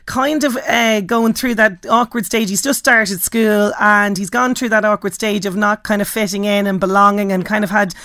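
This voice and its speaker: A woman hosting a radio interview, chatty and warm, with lots of fillers. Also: medium pitch, fairly even intonation, moderate pace, few pauses, no room sound, studio quality. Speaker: radio host.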